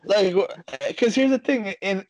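A man talking in a casual, animated way, telling stories full of restarts and "you know" asides. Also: high-pitched, unhurried, no echo. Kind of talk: casual storytelling chat.

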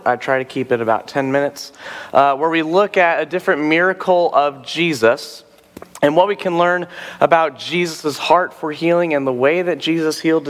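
A hoarse man preaches a short teaching, casual and a little self-deprecating, his voice falling low at the ends of phrases. His voice carries a long reverb from the church room around him. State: hoarse after a nap. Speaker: pastor. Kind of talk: sermon teaching. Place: church sanctuary.

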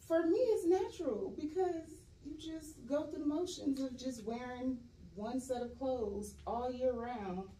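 A young woman from California chats as an interview guest, candid and laid-back, laughing easily. Her voice is mellow and dark, set in a roomy echo a bit off the mic. Faint noise sits underneath. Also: high voice, unhurried, few pauses, recorded from a distance. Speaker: actress guest. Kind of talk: casual interview chat.

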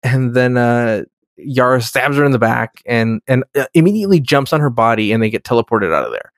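A man's voice: mid-range voice, lively intonation, a little fast, no echo, clean studio sound. A man in casual podcast chat, rambling, swearing freely and acting out characters. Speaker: podcast co-host.

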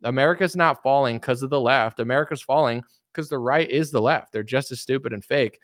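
A man's voice: mid-range voice, brisk, a bit bright, no echo, clean studio sound. A young man hosting casual online commentary who rants in a boastful, blunt way.

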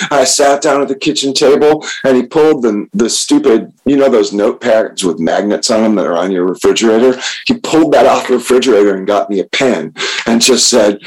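Husky low-voiced man telling his story. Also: poor audio. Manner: candid, halting, self-deprecating. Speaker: speaker sharing recovery story. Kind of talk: personal storytelling talk.

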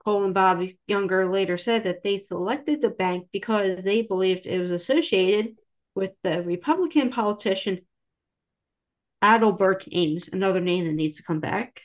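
A woman's voice: mid-range voice, normal speed, highs cut off. A woman co-hosting a casual history podcast, reading from notes with wry asides. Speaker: podcast co-host.

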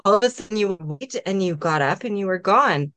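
A woman's voice: medium pitch, lively intonation, a little fast, a bit bright, dry recording. A woman co-hosting a podcast in casual chat, giggling often and retelling moments with animation. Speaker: podcast co-host.

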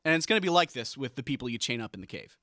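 A man's voice: mid-range voice, very animated, very fast, sharp tone, a little hiss or hum. A young man chatting casually as a podcast co-host, rambling through jokey ideas with lots of stammered restarts. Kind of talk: casual comedic chat.

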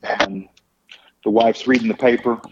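A man's voice: medium pitch, steady tone, unhurried, highs cut off, slight background noise. A middle-aged man with a Texan accent, hosting a cooking show with folksy, chuckling banter and jokes. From Texas. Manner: folksy, chuckling, drawling asides. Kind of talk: casual banter and joke telling.

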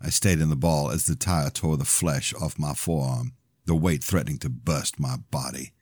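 A man reading his own novel aloud as a podcast host, in steady, even first-person narration. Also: rumbling low, normal speed, slightly rough, no room sound, clean studio sound.

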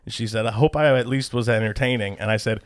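A man's voice: mid-range voice, fast, dry recording, clean studio sound. A man co-hosting a podcast, telling a story casually with swearing and laughter. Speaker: podcast co-host.

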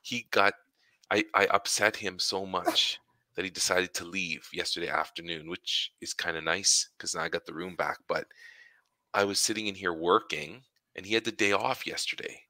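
A man with a low voice that still comes across bright and forceful, spinning a long, rambling story for a podcast. He speaks in a dry, close setting and laughs often between his lines. He sounds like he's in his forties. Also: moderate pace, no echo. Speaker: podcast co-host. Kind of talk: casual chat.

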